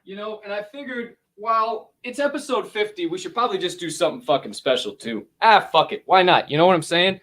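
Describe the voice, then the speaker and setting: A man hosting a casual livestream podcast, chatting and reading an ad in a rambling, profane way from a warm room at home. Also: high-pitched, sing-song, fast, hardly any pauses, no room sound. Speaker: podcast host.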